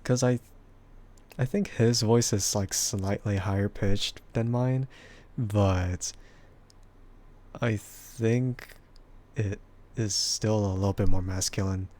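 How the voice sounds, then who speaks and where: Slow, giggly husky-voiced man. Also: steady tone, a little mellow. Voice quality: husky, bassy voice. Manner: giggly, laughs often between remarks. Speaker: VTuber streamer. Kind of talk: casual stream chat answering viewers.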